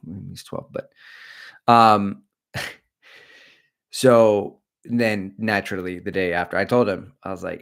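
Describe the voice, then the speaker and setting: Low-voiced man chatting on a livestream. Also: slow pace, vocal fry. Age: middle-aged. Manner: candid, joking, rambling. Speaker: running channel host. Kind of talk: casual livestream chat.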